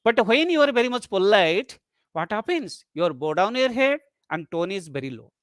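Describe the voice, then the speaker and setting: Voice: medium pitch, very animated, moderate pace, a bit bright, no room sound. A lecturer giving an academic webinar talk, explaining things step by step and restating each definition. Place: online webinar.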